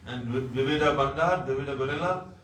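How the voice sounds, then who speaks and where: A male preacher tells a sacred story with animated energy, stopping to explain the terms he uses. His voice is bright and forceful, and it sounds distant in an echoey room with faint noise behind it. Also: mid-range voice, brisk. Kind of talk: devotional storytelling talk.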